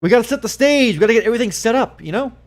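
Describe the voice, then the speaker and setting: A young man hosting a casual live stream, excitable, swearing a lot and laughing often. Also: very high-pitched, very fast.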